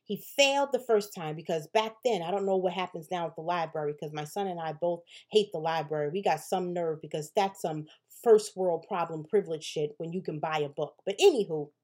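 A woman's voice: lowish voice, brisk, few pauses, darkish tone. A woman hosting a podcast, telling a personal story in a candid, conversational way, swearing casually and often asking "right?". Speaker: podcast host.

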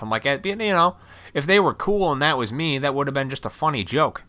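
A man's voice: fairly high pitch, big pitch swings, fairly quick, bright, forceful tone. A man venting his opinions in a blunt, profane, rambling vlog rant. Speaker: vlogger.

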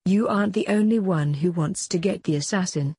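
A woman reading the part of a calm, practical adult male alien in a storybook, matter-of-fact. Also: sits high, fairly quick, slightly rough, no echo.

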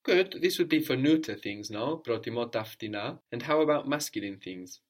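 A man's voice: medium pitch, lively intonation, moderate pace. A man teaching a Greek lesson, patiently explaining grammar step by step and prompting his student with questions.

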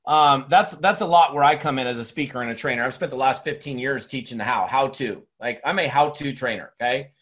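A middle-aged man, a speaker and trainer, giving an energetic, rambling motivational talk with many restarts. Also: mid-range voice, fairly quick, hardly any pauses. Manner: energetic, rambling, repeats himself.

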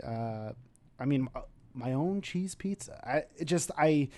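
A young man with a New York accent co-hosting a podcast in casual chat, animated and teasing, laughing often. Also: medium pitch, measured pace, dry recording. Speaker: podcast co-host.

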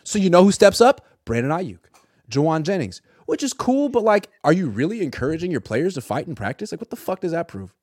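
Animated young man, dry close sound. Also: a little high, fairly quick, dry recording. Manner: animated, swears, shouts imitations of a coach. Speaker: sports podcast co-host. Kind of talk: casual sports talk.

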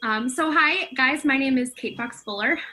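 A woman's voice: high-pitched, moderate pace, pushed and bright, poor audio. A woman who directs a youth ministry, interviewing students in a friendly, hesitant way with frequent fillers. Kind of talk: casual interview.

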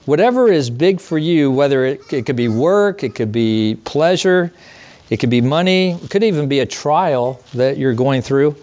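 A man's voice: mid-range voice, lively intonation, moderate pace, darkish tone, highs cut off. A middle-aged man, a pastor, preaching a sermon in an earnest, conversational way with rhetorical questions.

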